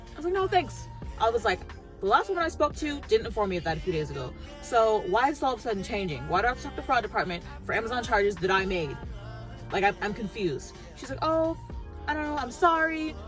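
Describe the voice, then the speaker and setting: A woman's voice: fairly high pitch, a bit bright. A woman vlogger telling a story as a casual rant, acting out both sides of her conversations.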